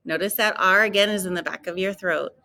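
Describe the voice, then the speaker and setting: In a recorded classroom lesson, a female French teacher models each word in a raised, stretched-out voice so students can repeat it. Her voice sits mid-range and sounds bright and forceful.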